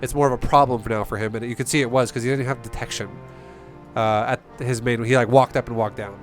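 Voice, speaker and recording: A man's voice: mid-range voice, fairly even intonation, fast talker, soft background music. A young man giving blunt, profane, rambling coaching on a game. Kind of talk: casual game coaching commentary.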